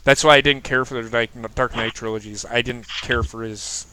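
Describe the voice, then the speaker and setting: A man's voice: mid-range voice, fairly even intonation, normal speed, bright, forceful tone, slight background noise, low-quality recording. Blunt, opinionated man chatting casually. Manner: blunt, opinionated, swears freely. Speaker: podcast host. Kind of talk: casual chat.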